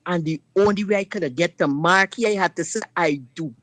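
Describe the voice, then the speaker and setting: A woman recounts her own story in an emphatic, forthright way, often turning to address the listener directly. Her voice sits fairly low, and the recording is dry and close. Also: brisk, fairly bright tone, no room sound. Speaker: guest sharing personal story. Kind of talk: personal testimony on a talk show.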